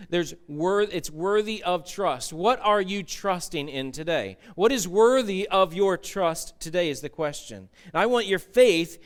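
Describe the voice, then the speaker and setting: A man preaching a sermon as pastor, conversational, repeating key phrases and putting questions to the congregation. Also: high-pitched. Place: church.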